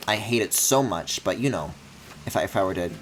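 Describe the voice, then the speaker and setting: A man streaming a video game, thinking aloud in a low mumble and breaking into high, excited squeals and mock-outraged swearing. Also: brisk, slight background noise. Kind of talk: live-streamed gameplay commentary.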